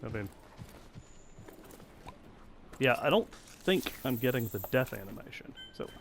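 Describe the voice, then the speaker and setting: A man's voice: mid-range voice, big pitch swings, a little fast, slight background noise. A man casually commenting on his video game session, chatty and self-deprecating. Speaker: let's play host.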